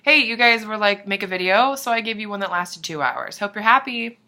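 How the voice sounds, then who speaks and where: A woman's voice: mid-range voice, lively intonation, fairly quick, sharp tone. A young woman vlogger chatting casually to camera, rambling and swearing, apologizing and dropping into asides. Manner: rambling, profane, self-deprecating, drops into whispers.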